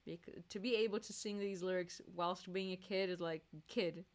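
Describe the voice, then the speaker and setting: A woman's voice: lowish voice, steady tone, moderate pace. A woman singer chatting casually on a live stream, laughing and reading out viewers' messages between songs.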